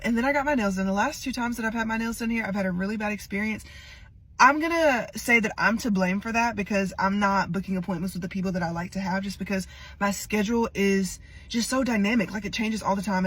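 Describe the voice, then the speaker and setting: A woman's voice: medium pitch, fairly bright tone, slightly rough. A young woman telling a rambling, chatty storytime about a salon visit, with exasperated asides. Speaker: TikTok storyteller. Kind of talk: casual storytime.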